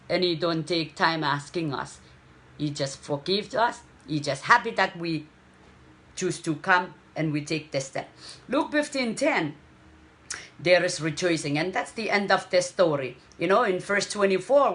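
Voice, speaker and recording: A woman preaches. She takes her time, pressing on key words and pausing to check in with her listeners. Her delivery is unhurried and earnest. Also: lowish voice, animated, a bit bright. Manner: slow, emphatic preaching with frequent "okay?" checks. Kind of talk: sermon.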